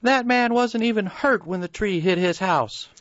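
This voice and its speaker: A woman's voice: mid-range voice, normal speed, dry recording, dull audio, lightly acted. A woman narrator voicing an indignant younger brother. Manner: indignant outbursts.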